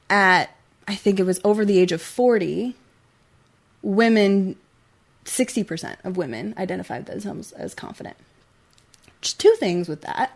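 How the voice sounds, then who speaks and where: A woman's voice: mid-range voice, creaky. A young woman co-hosting a talk show, speaking earnestly in casual chat, full of "like" fillers and getting emotional. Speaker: co-host.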